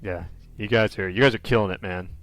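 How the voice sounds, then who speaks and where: A man in casual chat as the game master, lively and laughing, trailing off into quiet asides. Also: fairly low pitch, quick pace. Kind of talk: wrapping up a tabletop game session, casual chat.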